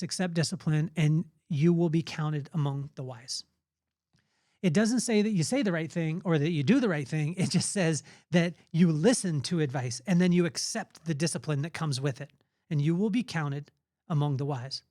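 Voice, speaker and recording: Recorded cleanly in a studio with no echo, this middle-aged man has a fairly high, mellow voice and talks at normal speed. Hosting his podcast, he offers a heartfelt, forceful, conversational pep talk on faith.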